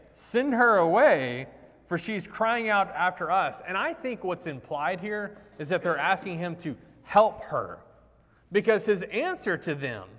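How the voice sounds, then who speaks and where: Animated male preacher in a reverberant hall. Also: sits high. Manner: conversational, animated, acts out the quoted lines. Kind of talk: sermon. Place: church sanctuary.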